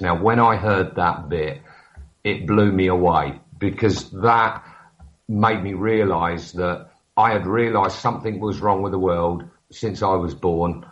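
Man, very low voice, earnest, halting, dull muffled call audio. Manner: earnest, hesitant with restarts and fillers. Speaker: radio show guest. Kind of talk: casual chat over a call. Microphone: internet voice call.

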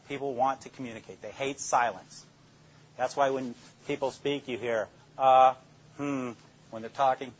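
A man's voice: medium pitch, a bit bright, dull audio, slight background noise. An older man, a police detective, telling plainspoken stories about interrogations to a class and acting out his own lines. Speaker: police detective speaking to law students. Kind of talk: storytelling lecture.

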